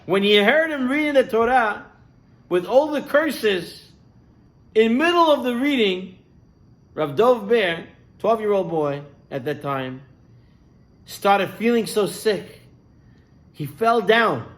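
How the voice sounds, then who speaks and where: A rabbi with a high, light male voice tells stories to his congregation. He speaks animatedly, climbing for the dramatic moments and dropping low and soft for the quiet ones. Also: slow, pauses often. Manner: animated storyteller, voice rising and falling with the tale. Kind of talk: sermon storytelling.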